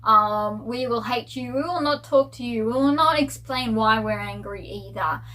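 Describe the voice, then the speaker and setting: A woman's voice: on the high side, normal speed, bright, forceful tone. A woman mocking snippy, petty villagers. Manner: snippy, indignant. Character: hostile petty villagers, group.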